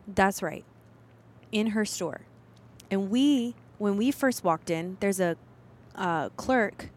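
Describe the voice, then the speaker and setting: A young woman co-hosting a podcast, retelling a story in a chatty, animated way with plenty of fillers. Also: mid-range voice, takes it slowly. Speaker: podcast co-host. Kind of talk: casual storytelling chat.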